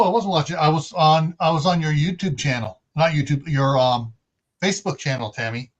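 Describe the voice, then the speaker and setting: Halting, rambling man hosting a chat. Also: a little high, muffled recording. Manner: rambling, halting with many fillers. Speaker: host. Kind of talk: casual panel chat.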